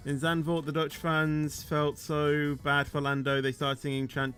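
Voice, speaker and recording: A man's voice: on the high side, level tone, moderate pace, few pauses, a bit bright, soft background music. A man chatting casually on a game livestream, rambling and peppering his sentences with "you know", his voice rising at the end of sentences. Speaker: game streamer.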